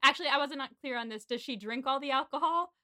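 Bright-voiced American woman recapping. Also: sits high, quick pace. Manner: retells film plots in long, breezy summaries. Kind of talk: casual podcast chat.

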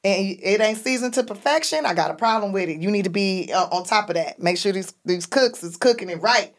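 A woman's voice: mid-range voice, a little fast. A woman in her forties, a guest comedian telling brash stories in casual podcast chat, often laughing mid-sentence. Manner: brash storytelling, laughing through lines.

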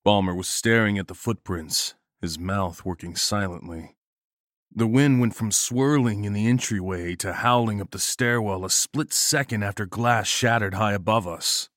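Low-voiced man narrating a grim horror tale. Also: a bit bright, no room sound, clean studio sound. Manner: grim, measured storytelling. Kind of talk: first-person horror story narration.

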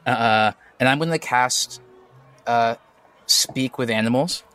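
A man plays a tabletop game, talking slowly and deliberately. His scheming manner comes through in a bright, clear tone. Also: mid-range voice, soft background music. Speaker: player.

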